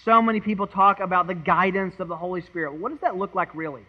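A man with a high voice preaches an earnest, dramatic sermon. He swings from loud emphasis to hushed tones, restarting words as he goes. The recording is slightly muffled and lo-fi. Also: fast talker. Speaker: pastor. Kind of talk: expository sermon.

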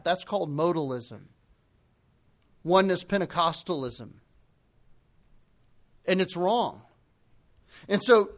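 A man preaching a sermon, emphatic, slowing down to press home key phrases. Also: sits high, a bit bright.

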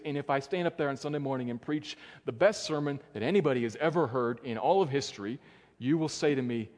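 Pastor guy preaching, earnest, goes quiet and low for the big words, long church echo. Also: fast. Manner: earnest, dropping soft and low for emphasis. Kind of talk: sermon. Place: church sanctuary. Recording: long church hall reverb.

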